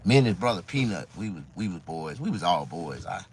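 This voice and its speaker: A comedian man talking casually to his viewers, telling rambling, profane stories that swing between loud outbursts and low asides. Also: very animated, fairly quick, slight background noise. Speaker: stand-up comedian. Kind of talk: casual monologue to camera.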